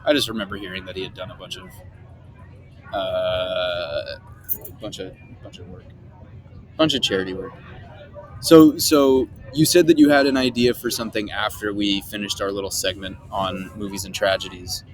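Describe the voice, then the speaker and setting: A young man co-hosting a casual chat outdoors, making quick jokes and apologizing for his own bad impressions. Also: sits low, steady tone. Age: young adult. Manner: quick joking asides and self-correcting apologies. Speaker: podcast co-host. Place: outdoor park basketball courts.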